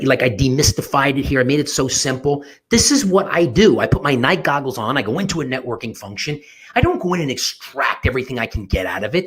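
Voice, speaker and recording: Fired-up, husky-voiced male sales coach. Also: mid-range voice, a little fast. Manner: energetic, emphatic, with many restarts. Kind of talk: motivational talk to camera.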